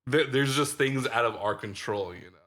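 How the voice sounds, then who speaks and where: A man with a mid-range, fairly bright voice talks at a moderate pace while co-hosting a podcast. He rambles through a casual discussion of a film, using plenty of "like" and "dude."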